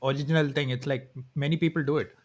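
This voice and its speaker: Higher-voiced man in halting casual chat. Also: fairly even intonation, a little mellow. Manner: hesitant, many restarts and laughs. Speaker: podcast co-host. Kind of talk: casual live-stream chat.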